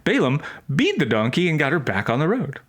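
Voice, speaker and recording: A man on a podcast reads scripture passages and breaks off for playful asides. His voice sits a bit higher than most men's, and the talk stays casual and chatty. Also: wildly swooping pitch, brisk, husky. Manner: reads scripture aloud, then jokes about it in playful asides. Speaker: podcast co-host. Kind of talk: casual chat and Bible reading.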